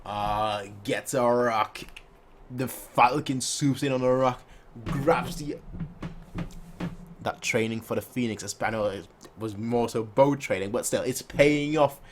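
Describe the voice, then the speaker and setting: A man's voice: mid-range voice, takes it slowly, slight background noise. A man hosting a casual manga read-along reaction, joking and throwing in sound effects between the lines he reads.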